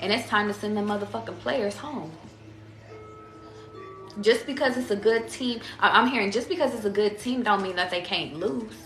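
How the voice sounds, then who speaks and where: A woman's voice: medium pitch, moderate pace, reverberant, soft background music. A woman giving a casual tarot reading to her viewers. She talks in a slangy, profane, chatty way and calls them y'all. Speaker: tarot reader.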